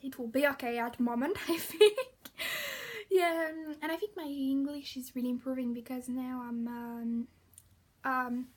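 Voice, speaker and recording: A woman's voice: high-pitched, fairly even intonation, normal speed. A young woman with a French accent, a French native speaker, chatting casually to camera in a vlog, rambling and correcting herself as she goes. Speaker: vlogger.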